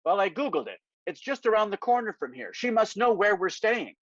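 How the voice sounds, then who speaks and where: A man's voice: sits high, sing-song, brisk, a bit bright, no echo, pitched above the performer's own voice, exaggerated voice. A man voicing an earnest, eager young aide. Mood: eager, nervous. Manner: earnest, nervous, slightly pompous. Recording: dry, slightly dull lo-fi sound.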